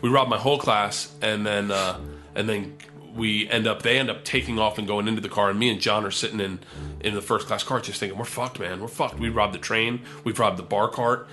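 A man tells a rowdy comic story, swearing freely and acting out every quoted line in a higher, excited voice. His tone is bright and forceful throughout. Faint music plays softly behind him. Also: brisk. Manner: profane, excitable, acts out the quotes in raised voices. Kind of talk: animated comic anecdote.

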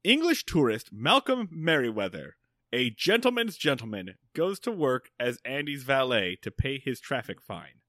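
A man's voice: medium pitch, sing-song, normal speed, pushed and bright, no room sound, clean studio sound. A man co-hosting a podcast, chatting casually and enthusiastically with lots of fillers. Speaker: podcast co-host. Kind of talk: casual podcast chat about an old sitcom.

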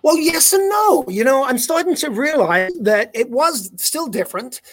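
A man's voice: extremely high pitch, expressive, moderate pace, fairly bright tone. A middle-aged man from England with a mixed English, South African and American accent, telling rambling stories as a guest in a casual interview. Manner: rambling, storytelling, self-correcting. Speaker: guest magician. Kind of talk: casual video-call interview.

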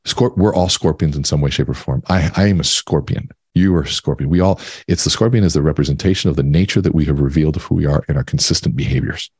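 A man with a husky, very low voice shares stories and ideas in a podcast interview. His manner is emphatic and reflective. The recording is dry and close. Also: fast talker, few pauses, darkish tone, no echo. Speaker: podcast guest. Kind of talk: conversational interview.

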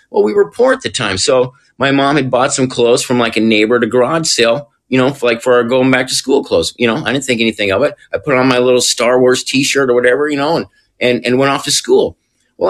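A man's voice: mid-range voice, creaky, fairly bright tone. A man on a podcast, talking casually as a recovery counselor and often checking in with rhetorical questions. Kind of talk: casual explanatory talk.

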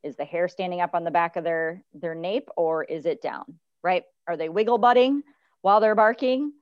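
Lively woman dog trainer. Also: moderate pace, no echo, muffled recording. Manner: animated, acts out dogs' thoughts in high voices. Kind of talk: advice podcast chat.

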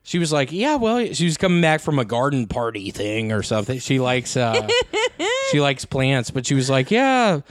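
A man's voice: mid-range voice, wildly swooping pitch, normal speed. Rambling, foul-mouthed man telling a story. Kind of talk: casual chat.

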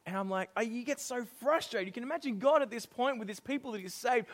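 Male preacher, high voice, middle-aged, animated, laughs often, sermon. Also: fast talker, hardly any pauses. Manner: animated, laughs often, acts out exasperated quotes.

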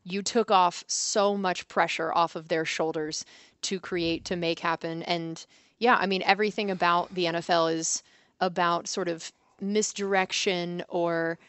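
A woman's voice: lowish voice, fairly even intonation, measured pace, a bit bright, clean tone, dry recording. A woman co-hosting a casual sports chat, analytical and candid. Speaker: sports podcast co-host.

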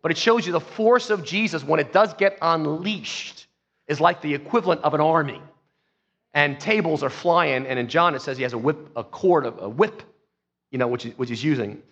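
A man preaching a sermon as pastor, telling the story emphatically and swinging between soft and loud. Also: fairly high pitch, normal speed, breathy edge, in a large hall. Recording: dull lo-fi sound.

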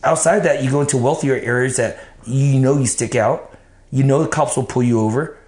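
Male guest, middle pitch, raw profane storyteller, recorded with a roomy echo. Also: a little fast, darkish tone. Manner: blunt and profane, acts out what he told himself. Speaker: interview guest. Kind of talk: personal storytelling, casual talk.

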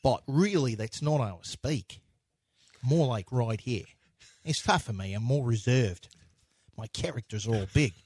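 A man's voice: lively intonation, unhurried, breathy edge, dry recording. A man impersonating a reserved aging male movie star musing about his roles. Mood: reflective. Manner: low, soft, reflective musing.

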